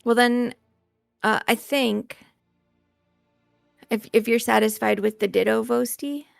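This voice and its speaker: A woman running a tabletop game on stream as game master, chatty and quick to laugh. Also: fairly high pitch, steady tone, vocal fry, no room sound, clean studio sound, soft background music.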